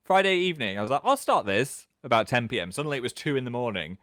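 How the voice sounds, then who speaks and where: A British man in his thirties hosting a casual livestream from home, chatting and reading out viewer comments in an animated way. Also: dry recording, studio quality. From England. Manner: chatty, animated, quick jumps in pitch. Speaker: livestream host.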